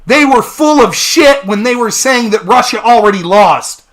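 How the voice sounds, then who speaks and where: A man's voice: extremely high pitch, expressive, moderate pace, fairly bright tone. A man hosting a political livestream, ranting heatedly, swearing and sarcastically challenging chat viewers to call in. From United States. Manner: swears freely. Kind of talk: heated solo livestream rant.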